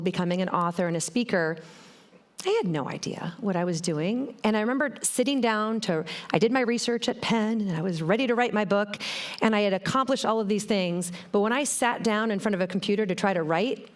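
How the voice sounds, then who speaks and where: Animated woman giving a keynote talk. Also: mid-range voice. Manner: animated, storytelling, addresses the audience directly. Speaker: keynote speaker. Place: conference stage before a live audience.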